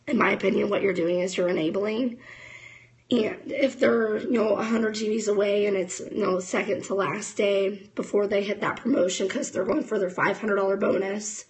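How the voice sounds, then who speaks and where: A woman's voice: mid-range voice, darkish tone, poor audio. A woman in her thirties giving a casual, fired-up motivational talk to camera as a network marketing distributor, chatting straight to her viewers.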